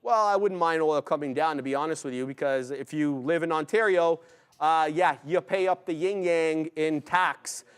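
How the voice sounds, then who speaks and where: A man co-hosting a live trading stream, giving brisk, chatty commentary on his trades and calling out viewers by name. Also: on the high side, smooth. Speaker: day-trading stream co-host.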